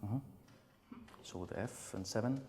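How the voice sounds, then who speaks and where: A man's voice: lowish voice, mellow. Spanish-accented guy coaching a singer, stops and restarts a lot, hums bits of the music, echoey hall. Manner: halting, searching for words, sings phrases to illustrate. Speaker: conductor leading a master class. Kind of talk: coaching a singer in a master class. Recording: hall reverb, faint room noise.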